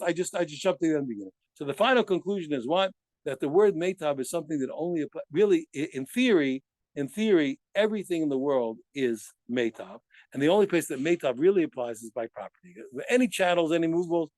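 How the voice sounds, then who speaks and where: A man teaching a daily Talmud study lesson in an animated way, asking himself rhetorical questions and answering them, and often stopping to correct himself. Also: fairly high pitch, quick pace, no room sound. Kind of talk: daf yomi study lesson.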